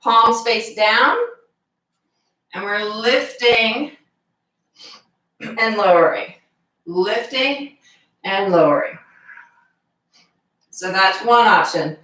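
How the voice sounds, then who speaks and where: A woman fitness instructor leading a live exercise class, calmly giving cues and counting reps aloud. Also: mid-range voice, drawn-out words, long pauses. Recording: echoey room, voice from far off.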